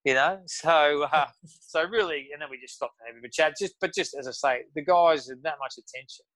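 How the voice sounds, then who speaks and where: A man's voice: a little high, a little fast, a bit bright, no echo, low-quality recording. A man with an Australian accent telling stories as a podcast guest, rambling with lots of restarts and fillers. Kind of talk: casual storytelling.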